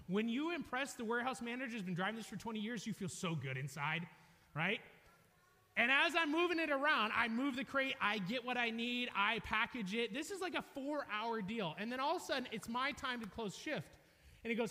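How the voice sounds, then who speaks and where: A young man preaching a sermon, telling a funny story loudly, with an animated, self-mocking manner. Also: extremely high pitch, normal speed. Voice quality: loud, energetic. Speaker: pastor. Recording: reverberant hall.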